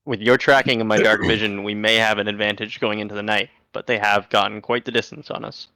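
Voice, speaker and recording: A man role-playing a proud warrior in a tabletop game, answering in gruff, dry retorts. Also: lowish voice, level tone, fast, bright, forceful tone, dry recording, low-quality recording. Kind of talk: in-character role-play.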